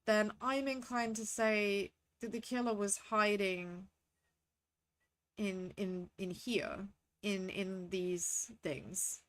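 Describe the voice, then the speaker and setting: A woman's voice: medium pitch, fairly even intonation, takes it slowly. A woman streaming a game, chatting with her viewers as she plays. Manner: chatty, talks to chat between reading game lines. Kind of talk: casual game commentary.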